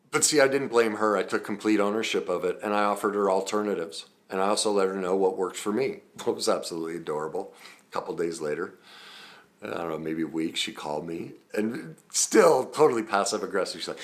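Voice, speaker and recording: A man with a lowish voice speaks at a moderate pace. He's a trauma recovery coach who teaches through personal stories, earnest and conversational, with frequent ums and self-corrections.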